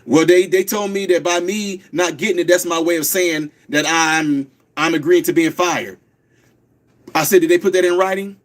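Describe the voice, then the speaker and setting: A high-pitched man hosts a live radio talk show. He speaks quickly and insistently, often repeating words slowly for emphasis. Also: fairly even intonation. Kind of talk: fast call-in radio talk, streamed live.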